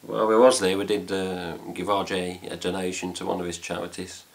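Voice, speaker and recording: A man's voice: deep voice, level tone, brisk, creaky. A man with an English accent chatting casually to camera about a trip, rambling with fillers and mild swearing. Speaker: fan site vlogger. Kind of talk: casual chat.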